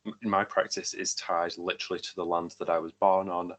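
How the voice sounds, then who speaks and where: A man interviewing a guest, asking thoughtful, measured questions. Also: sits low, level tone, fairly bright tone.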